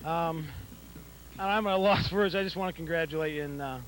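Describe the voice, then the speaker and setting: A man doing postgame sideline interviews at an outdoor football field, talking in halting, rambling bursts. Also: on the high side, a bit bright, slight background noise, rough recording. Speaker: sideline reporter interviewing coaches.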